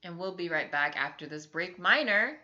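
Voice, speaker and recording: A woman's voice: fairly low pitch, expressive, normal speed, bright, forceful tone. A woman co-hosting a podcast, chiming in and wrapping up the segment in casual chat. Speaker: podcast co-host. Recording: dull lo-fi audio.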